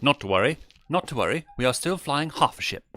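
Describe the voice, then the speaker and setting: A man putting on a calm space knight reporting in over a battle, clipped and reassuring. His pitch moves in lively lifts. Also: brisk. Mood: composed.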